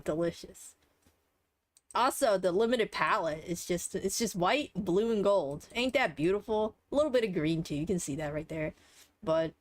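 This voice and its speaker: A woman's voice: fairly low pitch, no room sound. A young adult woman streaming live, talking through a game in a rambling, offhand way and swearing casually. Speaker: livestreamer.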